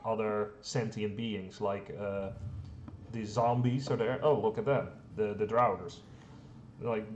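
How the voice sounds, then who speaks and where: Playing a strategy game, a man with a lowish, darkish voice offers rambling, self-deprecating commentary laced with fillers and occasional swearing. He's a let's play host, and the recording has roomy echo and a faint background hum.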